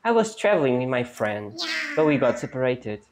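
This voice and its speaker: A woman's voice: rumbling low, big pitch swings, normal speed, noisy background. A woman putting on a small weary forest sprite. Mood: plaintive. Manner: sing-song put-on accent.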